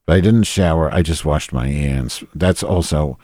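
A man's voice: a bass voice, normal speed, dark tone, dry recording, clean studio sound. A man hosting a solo podcast in a rambling, profane, self-deprecating monologue. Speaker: podcast host.

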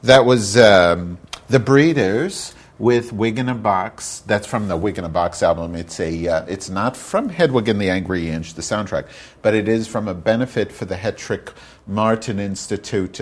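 A man with a fairly low voice hosts his own podcast alone, talking off the cuff. He rambles between topics and slips into profane rants. His delivery is loose and unpolished. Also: normal speed. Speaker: podcast host. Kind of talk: casual solo podcast rant.

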